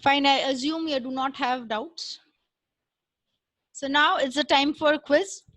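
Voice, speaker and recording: A woman giving an online class lecture in a measured, explanatory way, with frequent fillers, into a computer mic. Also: sits high, fairly even intonation, a bit bright, dry recording, low-quality recording.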